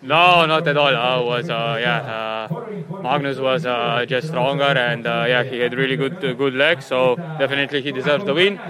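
A man gives a halting post-race interview, filling gaps with lots of uhs. A loud crowd fills the background. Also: medium pitch, rough recording. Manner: halting, many filler sounds. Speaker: interviewed athlete. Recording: crowd noise behind.

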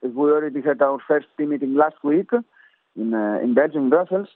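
A man's voice: a little high, a little fast. Greek-accented man on a tinny line. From Greece. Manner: hesitant, many fillers and restarts. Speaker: cycling coach. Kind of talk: interview answers.

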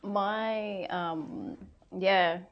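A woman's voice: medium pitch, steady tone, extremely slow, dull audio. Easygoing woman, casual chat. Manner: easygoing, laughing lightly.

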